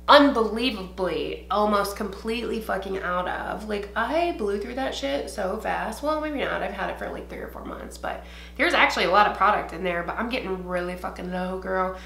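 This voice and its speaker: A woman's voice: mid-range voice, vocal fry, fairly bright tone, roomy sound. A young woman from Ohio doing a get-ready-with-me beauty vlog at home, rambling and swearing casually with lots of fillers. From Ohio, USA. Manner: chatty, profane, rambling with many fillers. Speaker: beauty vlogger. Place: home, indoors.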